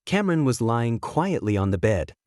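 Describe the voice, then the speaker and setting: A man giving a steady, measured first-person narration of a scripted story. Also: mid-range voice, no echo, clean studio sound.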